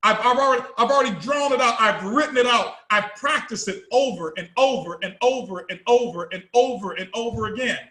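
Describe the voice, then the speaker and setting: A man with a very high, bright, forceful voice delivers an emphatic motivational speech, repeating himself and pressing every point. His voice rings out in a roomy, echoing hall. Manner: emphatic, repetitive, preaching. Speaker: company CEO giving a motivational talk.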